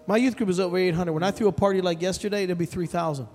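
High-voiced animated preacher man. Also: very fast. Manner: animated, emphatic, calls out to the congregation. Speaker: pastor. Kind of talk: storytelling sermon. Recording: long hall reverb with soft music behind.

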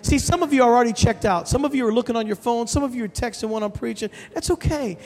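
A man preaching a sermon as pastor, telling a story with animated, emphatic delivery and calling out to the congregation. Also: very high voice, very fast. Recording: long hall reverb with soft music behind.

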